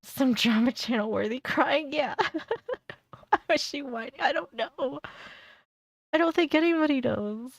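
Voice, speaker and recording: Gravelly woman streamer, sarcastic asides. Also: sits high, normal speed, no room sound. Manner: blunt, sarcastic, laughs often. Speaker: streamer reacting to videos. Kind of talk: casual reaction commentary.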